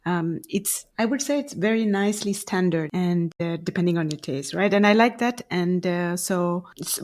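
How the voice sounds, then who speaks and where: A woman hosting a podcast interview, asking curious, friendly questions. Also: lowish voice. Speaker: podcast host. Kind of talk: casual interview.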